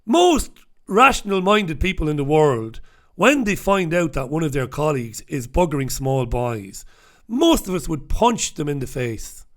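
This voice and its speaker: A radio host from the north of England, ranting bluntly and swearing through a newspaper review, close to the microphone. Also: male voice, a little high. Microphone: talking close into two microphones.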